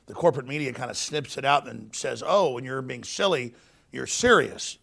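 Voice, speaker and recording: A man hosting a studio interview, talking in an emphatic, punchy way that rises toward near-shouts. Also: medium pitch, vocal fry. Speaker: show host. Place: broadcast studio.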